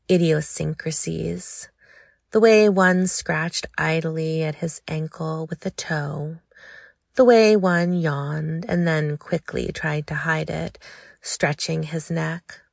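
A woman narrating a story in a slow, lingering, intimate way. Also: low-pitched, vocal fry, no echo, clean studio sound.

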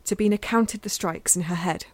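A woman reading a novel aloud in a measured, intimate way, sometimes dropping to a near-whisper. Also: medium pitch, no echo. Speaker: audiobook narrator. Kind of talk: scripted fiction narration.

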